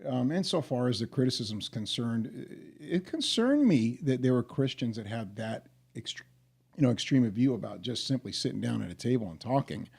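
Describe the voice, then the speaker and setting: A man's voice: mid-range voice, lively intonation, moderate pace, creaky, darkish tone, breathy edge. A man co-hosting a podcast, speaking emphatically and often checking in with his listener. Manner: emphatic, keeps checking in with "okay?". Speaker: podcast co-host. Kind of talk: casual podcast chat.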